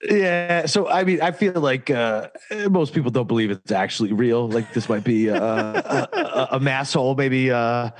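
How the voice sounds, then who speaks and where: A man's voice: mid-range voice, normal speed, few pauses, no room sound. Blunt Boston guy, laughing. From Boston area. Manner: blunt, swears, laughs often. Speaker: guest co-host. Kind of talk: casual podcast chat. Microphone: phone or call-in line.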